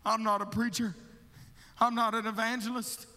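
High bright-voiced man preaching in a hall. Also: moderate pace. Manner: animated storyteller, acting out his own prayers and talks; calls listeners brother, laughs between stories. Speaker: guest missionary preacher. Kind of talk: storytelling sermon testimony. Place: church sanctuary. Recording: long hall reverb from a church.

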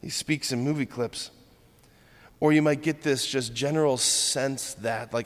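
Man, preacher, sermon, earnest, rhythmic lists, medium pitch, echoing hall. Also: steady tone, a little slow. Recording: long hall reverb.

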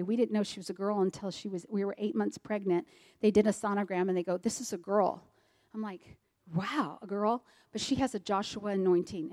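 A middle-aged woman from Maryland giving an earnest personal testimony, swinging between loud and soft. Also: on the high side. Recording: long hall reverb.

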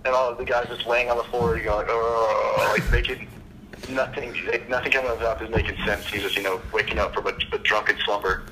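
A young man, a guest chiropractor, telling stories in a casual podcast chat with an animated, laughing manner. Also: lowish voice, fast talker, heavy background noise.

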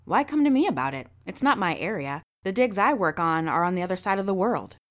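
A woman voicing a stern, gray-haired archaeologist professor who speaks firmly and in a measured way, in a storybook reading. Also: lowish voice, animated, lightly acted. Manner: firm and measured.

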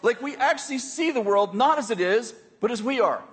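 A man with a high, husky voice preaches a sermon to his congregation. He talks in a conversational way, checking in with the room and slipping in jokes between points. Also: lively intonation, a little fast, fairly bright tone, long reverb tail. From United States. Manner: conversational, joking asides with the congregation. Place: church hall with a congregation.

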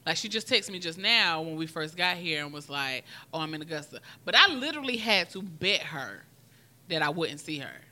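A woman hosting a casual chat and telling a story in an animated, profane way. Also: fairly low pitch, normal speed. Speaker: podcast host.

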